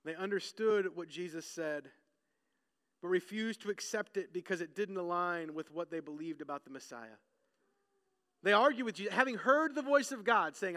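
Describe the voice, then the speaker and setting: High-voiced, animated preaching man. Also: moderate pace, long reverb tail. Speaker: pastor. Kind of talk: sermon.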